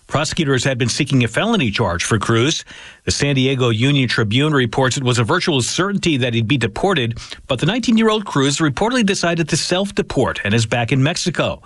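A man's voice: mid-range voice, lively intonation, a little fast, a bit bright, no room sound. A man reading a news report with emphatic delivery. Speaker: news correspondent.

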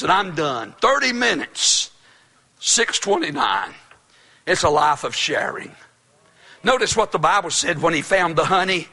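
Male pastor, shouting sermon, fervent, folksy, bright voice. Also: a little high.

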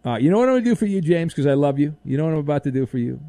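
A man hosts a sports radio show in a playful, teasing manner, his voice a touch high and swinging widely in pitch. The sound is close and dry, with no room around it. He moves between bantering with callers and running through the day's stories. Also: expressive, racing, mellow, dry recording.

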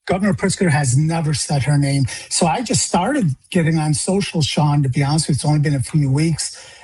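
A man's voice: fairly quick, a little mellow, breathy edge. A middle-aged man from Illinois, a grieving father and radio guest, speaking with passion, his voice jumping up when he gets upset. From Illinois, United States. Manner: impassioned, pitch jumps up when upset. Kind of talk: phone-in interview.

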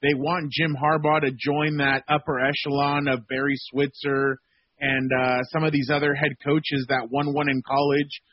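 A male sports reporter calling in as a guest on a radio show, talking in a rambling, animated way with many fillers. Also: a little high, moderate pace, no echo. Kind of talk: phone-in radio interview. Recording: dull, dry lo-fi guest line.

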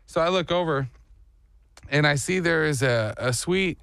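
Animated man telling a story. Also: on the high side, unhurried, creaky, clear, resonant tone, no room sound, studio quality. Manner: animated storyteller, acts out voices and sounds. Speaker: morning show co-host. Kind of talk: casual chat.

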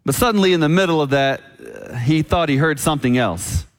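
Guy preaching a sermon, kinda high voice, storytelling and slowing down for the big points, long church echo. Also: animated. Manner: storytelling, slows down for emphasis. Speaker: pastor. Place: church sanctuary.

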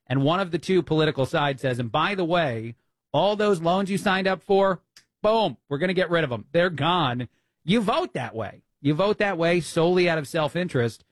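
A man's voice: mid-range voice, dry recording. Opinionated New Jersey talk radio man. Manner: opinionated, conversational, many fillers. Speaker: fill-in radio talk host. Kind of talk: political talk radio monologue.

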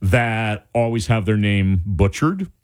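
Animated, rambling male radio host. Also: fairly low pitch, slow, smooth. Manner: rambling, animated, stumbles and restarts. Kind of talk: casual radio chat.

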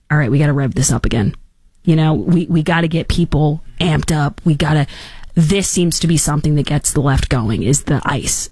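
A woman in her thirties hosting a show, talking in casual, sarcastic commentary and jumping into high mocking voices. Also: a little mellow, no room sound, studio quality. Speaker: host.

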